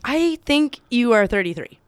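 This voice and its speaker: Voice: medium pitch, big pitch swings, moderate pace, smooth, no room sound. A podcast co-host chatting casually, giggling often and reacting to the jokes. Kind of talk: casual chat.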